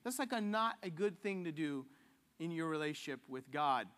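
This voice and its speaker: Guy preaching, pretty high voice, jokey and loose, hall echo around him. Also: animated, moderate pace, fairly bright tone. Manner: casual and jokey, acting out quoted voices. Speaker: pastor. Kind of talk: sermon.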